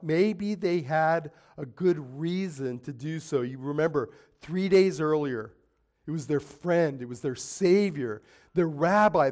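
A man preaching a sermon, telling the story dramatically, dropping to a hush and then rising to forceful quoted lines. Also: high-pitched. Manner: dramatic storytelling, swinging between hushed and forceful, acting out quoted voices. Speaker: pastor.

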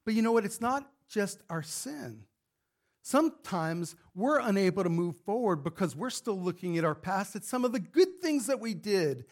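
Very animated and high-voiced, a male pastor preaches at normal speed to the congregation filling his church sanctuary. His fervent sermon climbs to emphatic rhetorical questions.

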